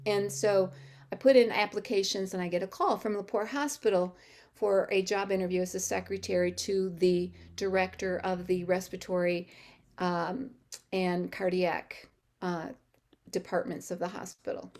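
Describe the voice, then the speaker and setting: At normal speed, a middle-aged woman shares her personal testimony with a church audience. She animatedly acts out quoted dialogue and breaks into sudden high-pitched exclamations.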